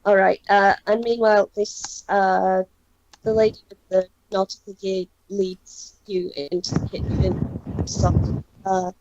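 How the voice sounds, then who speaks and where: A woman narrating a tabletop game as game master, halting and full of fillers. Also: mid-range voice, flat delivery, a little mellow. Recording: dull lo-fi sound.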